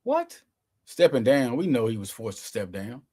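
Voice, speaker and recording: A man's voice: mid-range voice, big pitch swings, moderate pace, warm tone. A man hosting his own sports show, giving casual, slangy, emphatic commentary straight to his viewers.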